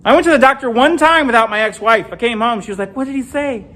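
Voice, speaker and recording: Here a middle-aged Illinois man runs through a stand-up set by himself in an empty comedy club. The delivery is quick, punchy and animated, full of big pitch swings.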